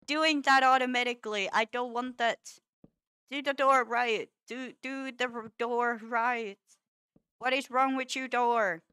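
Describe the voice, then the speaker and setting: A woman's voice: a little high, pushed and bright, clean tone, no echo, studio quality. A woman streaming a building game, chatting casually, scolding the game in playful frustration and laughing often. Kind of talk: casual gameplay chat.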